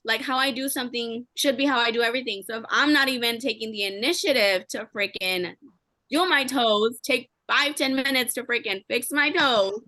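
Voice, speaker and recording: A young woman sharing a candid, emotional story with her team in fast, chatty talk. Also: a little high, bright, forceful tone, dry recording. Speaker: team member sharing advice. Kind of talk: candid motivational chat.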